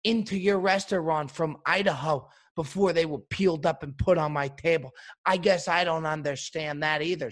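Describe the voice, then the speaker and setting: A man's voice: fairly high pitch, moderate pace. A man hosting a comedy show, delivering an indignant, mock-outraged rant. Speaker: comedic host.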